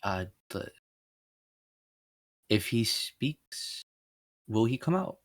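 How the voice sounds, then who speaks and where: Hesitant low-voiced man at a game table. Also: lively intonation, extremely slow. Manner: hesitant, repeats words. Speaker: player. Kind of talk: casual tabletop game chat.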